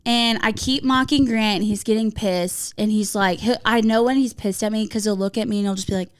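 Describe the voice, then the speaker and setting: A young woman telling a lively story in casual podcast chat, swearing freely and acting out what people said. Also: medium pitch, brisk, clear, resonant tone, rough recording. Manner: animated storyteller, swears freely, acts out quotes.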